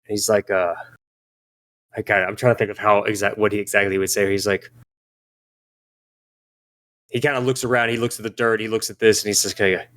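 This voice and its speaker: A man acting as game master who narrates a tabletop game, improvising in halting bursts with many restarts. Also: fairly low pitch, flat delivery, fairly bright tone.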